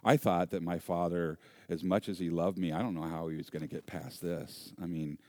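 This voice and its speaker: Pastor, low voice, lively sermon storyteller, self-deprecating. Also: male voice, moderate pace, no echo.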